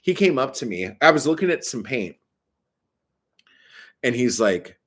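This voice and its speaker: A man's voice: medium pitch, big pitch swings, measured pace. A man vlogging a casual ranting monologue, profane and exasperated, telling his story with animation.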